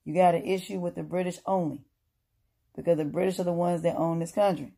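A woman delivers a casual opinion monologue, hammering her points home through repetition. Her voice is dark and mellow, and her tone is lecturing. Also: lowish voice, steady tone, brisk, gravelly.

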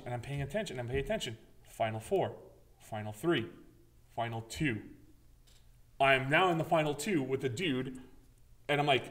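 Slightly fast and medium in pitch, this gaming podcast co-host spins a story packed with swearing. He animates the telling by performing his own reactions in the casual conversation.

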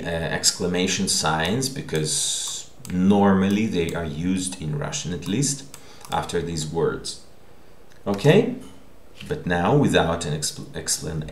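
A man teaching a language lesson, repeating words slowly and checking in with the listener. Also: low voice, a little hiss or hum. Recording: echoey room.

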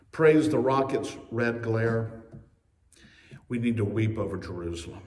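A male pastor preaching a sermon with emphasis, slowing on key phrases and speeding through asides. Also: mid-range voice, darkish tone. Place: church sanctuary. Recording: echoey church from a distance.

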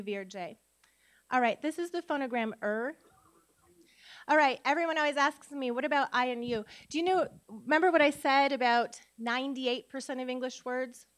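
In a conference room, an upbeat Minnesota woman teaches phonics aloud to tutors, her voice sitting high. She's a literacy educator speaking at a conference. Lively throughout, she demonstrates sounds and puts questions to her audience.

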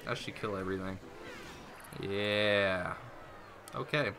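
A man's voice: lowish voice, fairly even intonation, takes it slowly, background noise. A young man giving rambling, self-mocking live commentary while playing a mobile game. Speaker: gaming YouTuber.

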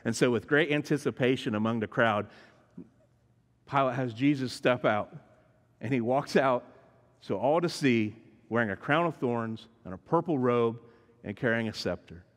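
A man preaching a sermon, telling the story dramatically and shifting between hushed and emphatic lines. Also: mid-range voice, normal speed. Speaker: pastor. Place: church sanctuary. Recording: long reverb in a large church hall.

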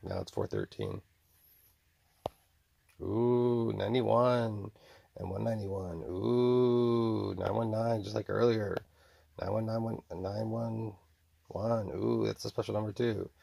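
A man in his forties rambles to himself in a self-recorded monologue, mumbling, drawing out his exclamations, and voicing imagined tormentors. His voice is on the low side, mellow and husky, with vocal fry.

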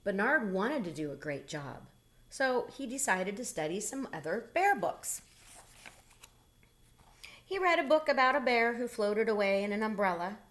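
A woman reading a children's picture book aloud in a gentle, unhurried way. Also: medium pitch, lively intonation. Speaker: storybook reader. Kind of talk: children's story read-aloud.

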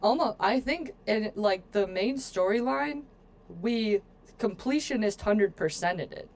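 A woman's voice: mid-range voice, animated, unhurried. A woman streaming a video game, talking casually with her viewers in a playful, joking way and addressing the chat often. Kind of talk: casual let's-play commentary.

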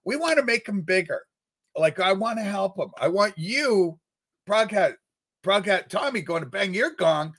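A man's voice: high-pitched, lively intonation, moderate pace, a bit bright, slightly rough. A man hosting a casual livestream, rambling and reading viewer comments aloud with playful, theatrical outbursts. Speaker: livestream host.

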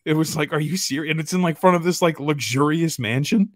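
A man's voice: fairly high pitch, fast talker, few pauses, no echo, studio quality. A man co-hosting a casual sports podcast, joking and laughing often as he reacts to what he finds online. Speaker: podcast co-host. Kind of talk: casual chat.

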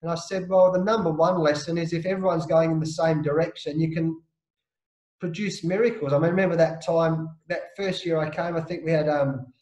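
A high-voiced Australian man spins a yarn as an interview guest. He is lively and blokey and slips into the voices of the people in his story. The sound is roomy and echoey. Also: fairly quick. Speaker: interview guest, former captain. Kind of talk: animated anecdotal storytelling.

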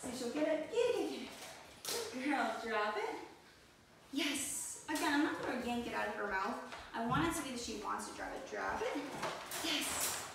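Young female dog trainer, higher voice, upbeat cue words, distant mic. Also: lively intonation, normal speed, vocal fry. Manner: upbeat, bright praise cues to the dog. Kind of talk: training demonstration with commentary. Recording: echoey room, mic far off, noisy.

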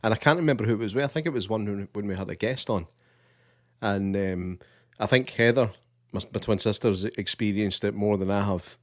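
A man with a Scottish accent, co-hosting a casual podcast, relaxed and hesitant, with dry humour. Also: lowish voice, brisk, no echo. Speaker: podcast co-host.

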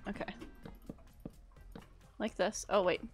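A woman's voice: mid-range voice, little pitch movement, takes it slowly, faint music behind. A young woman live-streaming a building game, chatting casually and thanking viewers in a gushing, rambling way. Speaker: livestreamer.

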